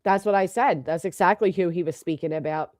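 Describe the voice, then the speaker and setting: A woman's voice: lowish voice, brisk, darkish tone, no room sound, studio quality. A middle-aged woman hosting a livestream, blunt and profane, reading out viewer names between heated remarks. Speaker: livestream host.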